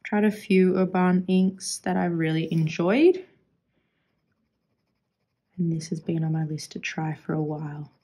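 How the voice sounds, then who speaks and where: A woman's voice: lowish voice, measured pace, long pauses, dark tone, breathy edge. An Australian woman chatting casually as she swatches fountain pen ink, musing aloud and trailing off into restarts as she searches for words.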